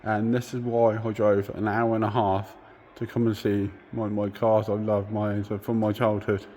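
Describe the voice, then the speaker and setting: A man giving a casual, excitable walking tour of a car museum, gushing and swearing over the cars he loves. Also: lowish voice, a little slow, a little hiss or hum. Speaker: car vlogger. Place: indoor car museum, busy hall.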